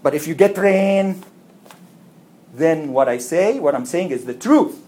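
A woman's voice: sits low, animated, unhurried, dark tone. A woman voicing a scheming man who talks people into worshipping idols with coaxing promises. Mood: insistent. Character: scheming man, smooth-talking false priest.

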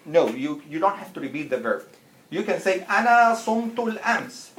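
Patient language teacher, repeats words slowly, roomy classroom echo, faint background hiss. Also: mid-range voice, sing-song, a bit bright. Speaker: Arabic teacher. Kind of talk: classroom lesson.

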